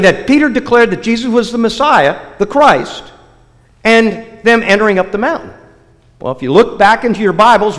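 A man preaching a sermon, opening with a joke told in a lively storytelling way with many restarts. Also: high-pitched. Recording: long hall reverb.

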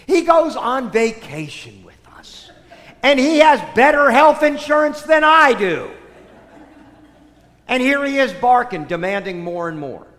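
A man preaching a sermon, telling stories in an animated way that swings between loud and soft. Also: extremely high pitch, a little slow. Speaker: priest. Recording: long hall reverb.

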